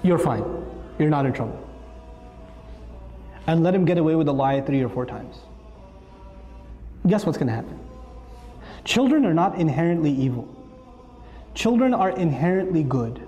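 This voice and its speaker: A man's voice: fairly high pitch, moderate pace, long pauses, highs cut off. A man giving a humorous parenting talk, acting out dialogues between parents and children. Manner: animated, acts out quoted dialogue. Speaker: parenting speaker. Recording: long reverb, faint music.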